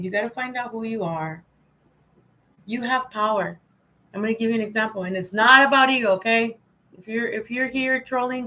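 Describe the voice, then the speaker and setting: A woman's voice: fairly high pitch, fairly bright tone, slight background noise, rough recording. A woman hosting a casual spiritual livestream, rambling and repeating phrases, often laughing. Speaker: livestream host.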